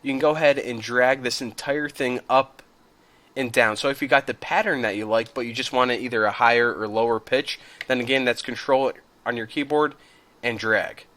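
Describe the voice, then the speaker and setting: Chatty man hosting a software tutorial. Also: mid-range voice, normal speed. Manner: relaxed, chatty, addresses viewers as guys. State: coughing, clearing his throat. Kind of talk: casual screen-recorded tutorial.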